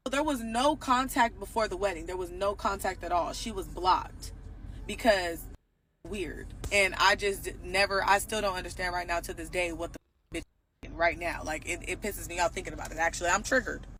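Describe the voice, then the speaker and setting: A young woman telling a personal story in a casual, animated way, acting out quotes and bursting into loud outrage. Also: fairly low pitch, moderate pace, a little hiss or hum, low-quality recording.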